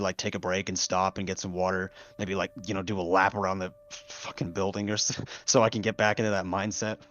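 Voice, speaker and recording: A man's voice: fairly low pitch, fairly bright tone. A man talking casually as a guest on a podcast, laughing often and swearing now and then. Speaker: guest voice actor.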